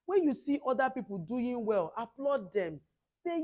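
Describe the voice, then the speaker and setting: Hoarse woman teacher. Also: fairly high pitch, moderate pace, dull audio. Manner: animated, call-and-response, mixing two languages. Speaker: camp teacher. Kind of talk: lively address to children.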